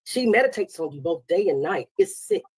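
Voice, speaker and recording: A woman's voice: on the low side, very animated, brisk, darkish tone, husky. A woman hosting a casual live stream, talking in a sassy, blunt, taunting way straight at someone she is calling out. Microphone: webcam live stream.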